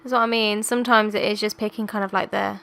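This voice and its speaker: A woman's voice: medium pitch, flat delivery, quick pace, creaky, fairly bright tone. A woman hosting a gaming channel, giving casual gameplay commentary in a chatty, hesitant way, with lots of asides.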